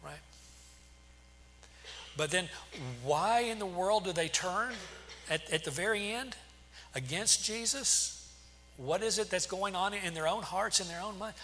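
A man's voice: high voice, a little slow, pauses often, sharp tone. A man preaching a sermon as pastor, firing off rhetorical questions with emphasis. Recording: long hall reverb, faint hum.

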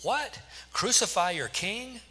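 A man's voice: on the high side, animated, normal speed, sharp tone, voice pushed up. A man voicing an exasperated Roman governor. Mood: pressing. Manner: raised, pressing questions. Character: Roman governor Pilate, male, adult, exasperated and insistent. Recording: long hall reverb.

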